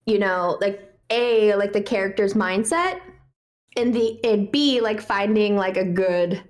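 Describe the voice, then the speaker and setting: A woman's voice: mid-range voice, expressive, a little slow. A woman who plays in a tabletop game, chatting on a stream and filling her talk with "like". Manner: rambling, says "like" constantly. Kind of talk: casual chat on a live stream.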